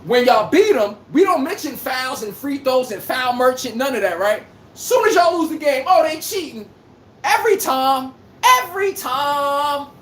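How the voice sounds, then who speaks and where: A woman's voice: high-pitched, sing-song, normal speed, few pauses, echoey room. A woman hosting a casual sports livestream, ranting, trash-talking and reading out chat comments. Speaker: livestream host.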